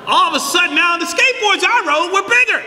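High, animated preaching man in a hall. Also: fast. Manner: animated storytelling, shouting for emphasis. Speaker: pastor. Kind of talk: sermon. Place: large church hall. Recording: echoey church hall.

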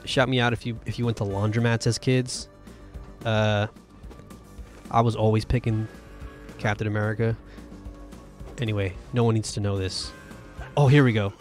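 Excitable man commenting on gameplay. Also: medium pitch. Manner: excitable, jokey, exclamatory. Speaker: video game host.

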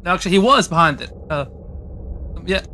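A man voicing a gruff male sheriff in a goofy comedy fan dub, speaking in short blunt lines. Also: sits high, animated, a little fast, pushed and bright, slight background noise, exaggerated voice. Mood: tough. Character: gruff male wolf sheriff, tough guy. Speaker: fan dubber.

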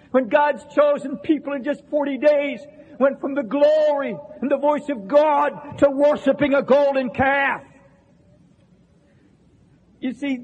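A man preaching an impassioned sermon to a congregation in a church, repeating phrases and shouting at the peaks. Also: extremely high pitch, dull audio. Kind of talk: fiery revival sermon. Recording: long reverberant hall sound.

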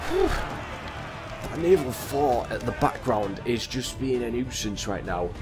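A young man giving gameplay commentary in an exasperated, self-talking way. His pitch moves up and down a lot while his voice stays at an ordinary middle height. Loud game music and cannon fire sit behind him. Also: animated, measured pace, a crowd in the background. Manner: exasperated, talking to himself, repetitive. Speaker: gamer.

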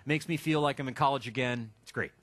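A man teaching a live software workshop, joking and chatting as he thinks aloud and types. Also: mid-range voice, quick pace, no room sound. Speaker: instructor. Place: classroom with a live audience.

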